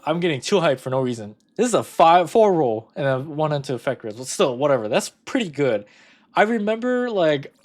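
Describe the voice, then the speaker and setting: A young man talks through his game account in a loose, rambling way, often correcting himself mid-sentence. His voice sits at an ordinary middle pitch. He breaks into sudden excited bursts between stretches of low-key muttering. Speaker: gaming content creator. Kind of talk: casual gameplay commentary.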